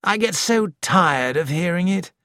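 A worldly society man speaks in a polished, languid drawl, as an audiobook reader voices him. His lines come slowly. The recording is dry and close. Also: medium pitch, lively intonation, a bit bright, no echo, pitched above the performer's own voice.

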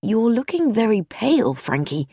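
A woman reading a storybook, voicing an anxious, caring young man in a slightly lower, earnest tone. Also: normal speed, mellow, dry recording, clean studio sound, lightly acted.

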